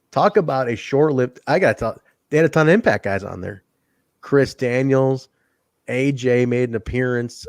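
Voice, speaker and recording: A man's voice: medium pitch, a little mellow, no echo, clean studio sound. A man co-hosting a wrestling podcast in casual chat, swearing freely, rambling and laughing often. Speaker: podcast co-host.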